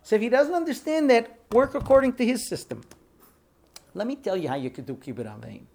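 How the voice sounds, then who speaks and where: A man teaching a Torah class, telling stories with animated acted-out quotes and frequent fillers. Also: very high-pitched, brisk, gravelly. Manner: animated storyteller who acts out quoted speech.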